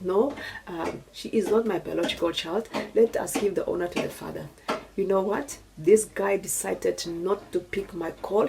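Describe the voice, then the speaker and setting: In a story-time testimony video, a middle-aged YouTuber from Namibia speaks with a Namibian accent, earnestly preaching and repeatedly thanking God. Her voice is medium-pitched, gravelly and a touch mellow, captured in a low-quality recording with slight background noise.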